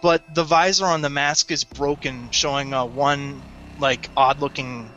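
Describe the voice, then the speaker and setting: A man narrating a tabletop game as game master in a descriptive, halting way. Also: medium pitch, fairly even intonation, bright, forceful tone, highs cut off, a little hiss or hum.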